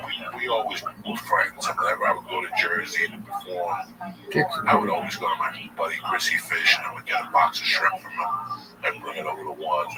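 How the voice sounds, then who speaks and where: A man in his forties telling a long personal story as a guest, casual and profane, with animated delivery. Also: deep voice. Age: 40s. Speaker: comedian guest. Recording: distant mic with loud background noise.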